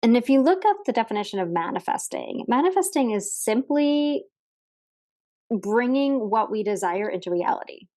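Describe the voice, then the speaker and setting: A woman's voice: a little high, sing-song, moderate pace, mellow. Chatty woman hosting a motivational podcast. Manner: chatty and upbeat, with frequent fillers and light laughs. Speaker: podcast host. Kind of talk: casual motivational podcast monologue. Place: hotel room, sitting at a desk.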